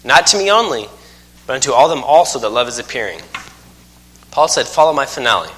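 A man's voice: mid-range voice, very animated, a little fast, a bit bright. A man in his thirties preaching a sermon, telling folksy stories with self-mocking humor. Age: 30s. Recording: long hall reverb.

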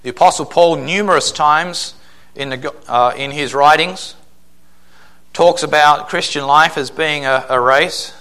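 Male pastor, emphatic sermon delivery, bright forceful voice. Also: a little high, unhurried. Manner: emphatic preaching with acted-out quotes.

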